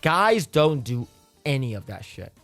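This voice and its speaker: A young man ranting in casual reaction commentary, profane and animated, sometimes quoting friends in put-on voices. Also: medium pitch, measured pace, faint music behind.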